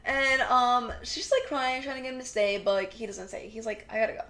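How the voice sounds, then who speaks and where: A young woman with a voice on the high side speaks at normal speed while co-hosting a podcast. She casually and animatedly retells a TV episode, playing out the characters' quotes and using "like" often.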